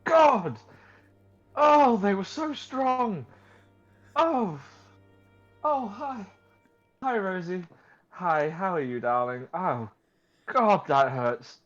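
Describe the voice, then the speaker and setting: Dramatic, whiny young male student in a tabletop game, as a man plays him, with a high voice that swoops all over. The sound is dull and muffled, with faint music behind it. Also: animated, drawn-out words, pauses often, fairly bright tone, exaggerated voice. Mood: pained.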